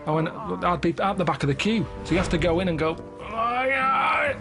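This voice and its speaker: A man co-hosting a comedy radio show, telling rambling stories in a deadpan way. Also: on the high side, rapid-fire, music in the background. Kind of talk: casual comedic radio chat. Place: radio studio.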